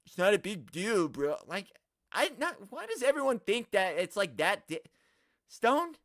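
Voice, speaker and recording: A man hosting a live stream, ranting at the chat in an animated, exaggerated way and swearing often. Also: high voice, unhurried, dry recording, studio quality. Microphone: studio mic, no camera.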